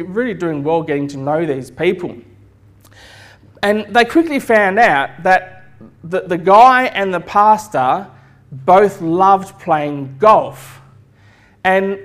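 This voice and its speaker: A male pastor giving a sermon, telling relaxed stories and jokes, with fillers like "um" and "uh" along the way. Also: high-pitched.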